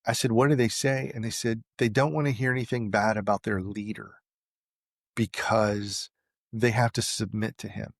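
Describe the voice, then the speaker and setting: A man's voice: on the low side, moderate pace, creaky, no echo, clean studio sound. A man being interviewed, telling a story in a casual way and acting out the lines of the people he quotes. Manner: animated, acts out quoted dialogue. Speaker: interview guest.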